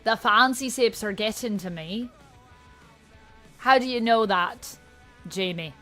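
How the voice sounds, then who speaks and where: A woman's voice: fairly high pitch, slow, bright, forceful tone, soft background music. Chatty woman streamer answering chat. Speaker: livestream host. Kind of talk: casual just-chatting livestream.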